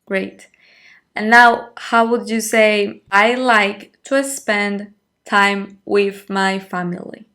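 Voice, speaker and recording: A woman's voice: medium pitch, little pitch movement, takes it slowly, bright, forceful tone. A woman teaching a Spanish lesson online, patiently repeating phrases for a learner and praising each answer.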